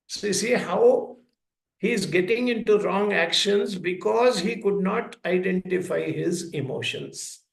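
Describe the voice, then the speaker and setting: A man giving a talk at a school, speaking slowly and deliberately and acting out short dialogues between a parent and a child. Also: high-pitched, animated, vocal fry. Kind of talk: lecture with plain everyday examples. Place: school hall. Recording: echoey room.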